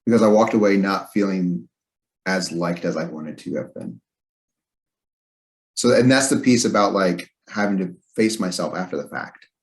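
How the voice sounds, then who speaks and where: Low-voiced man musing reflectively. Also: normal speed. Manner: reflective, hesitant, many fillers. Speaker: podcast host. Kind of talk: casual chat.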